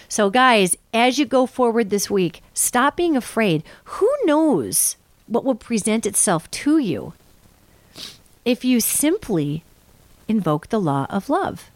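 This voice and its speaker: A woman's voice: medium pitch, lively intonation, unhurried, no echo. Chatty woman hosting a live radio show. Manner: chatty and rambling, addresses listeners as "you guys". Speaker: psychic radio show host. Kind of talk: casual live call-in radio talk.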